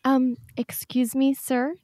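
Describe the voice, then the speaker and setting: A woman improvising a timid agent in a comedy sketch, soft-spoken and halting. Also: high voice, flat delivery, no echo, clean studio sound. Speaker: improv performer playing a timid federal agent.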